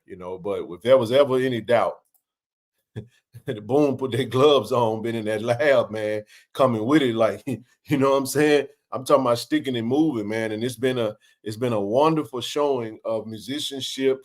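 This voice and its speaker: A man hosting a casual live sports chat, animated and preachy, swearing freely and climbing toward a shout. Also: medium pitch. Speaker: show host.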